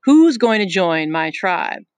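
A proud boy chief, as a reader puts him on gives slow, drawn-out commands with a sneer. The voice sits at a middle pitch and sounds dry and close. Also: very animated, clear, resonant tone, no echo. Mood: commanding.

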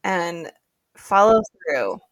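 A woman's voice: fairly low pitch, very animated, extremely slow. A woman co-hosting a podcast, chatting casually with many fillers and frequent laughs. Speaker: podcast co-host. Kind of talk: casual chat.

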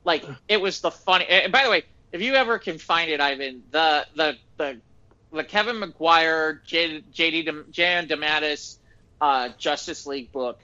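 A man chats casually with a bright, high, forceful voice. He tells his stories with animated energy and keeps slipping into the voices of the people he quotes. The recording sounds dull and lo-fi. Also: moderate pace. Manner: animated storyteller acting out quotes. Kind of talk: casual chat.

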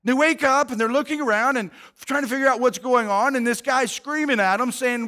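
A man's voice: very high voice, a little fast, hardly any pauses, sharp tone. A man preacher retelling a Bible story in a casual, slangy, conversational way with asides.

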